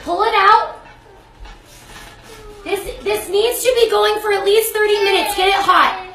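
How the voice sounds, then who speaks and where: Super high-voiced lady hosting a live cooking stream from her kitchen, gushy and scattered, lots of echo. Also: fairly even intonation, unhurried, background noise. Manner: chatty, effusive, often breaks off mid-sentence. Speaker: cooking show host. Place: home kitchen. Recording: echoey kitchen. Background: baby crying.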